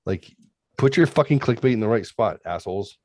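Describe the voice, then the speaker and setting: Brief: very low-voiced male podcast host, profane and ranting, dead-dry room. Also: expressive, brisk, darkish tone, no echo. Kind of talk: casual chat, reading aloud. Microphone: close podcast mic.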